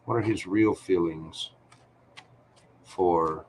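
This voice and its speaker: A man hosts a live tarot stream, turning the cards over for a viewer's question. His voice sits low, and he talks slowly, in a chatty, reassuring way. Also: a little hiss or hum. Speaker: tarot reader.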